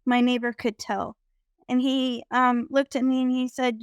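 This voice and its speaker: Woman guest, higher voice, unhurried, reflective storyteller with many pauses, dry close sound. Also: flat delivery, smooth, dry recording. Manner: slow, reflective, with frequent "um" pauses. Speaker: guest sharing a spiritual experience. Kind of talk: personal storytelling.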